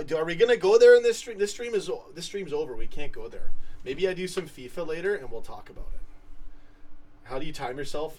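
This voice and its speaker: A man's voice: on the high side, darkish tone, recorded from a distance, a little hiss or hum. Chatty man streaming, a bit off-mic. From Canada. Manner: rambling, chatty, trails off and restarts. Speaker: live stream host. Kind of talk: casual live-stream chat reading comments. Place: home room with a computer fan humming.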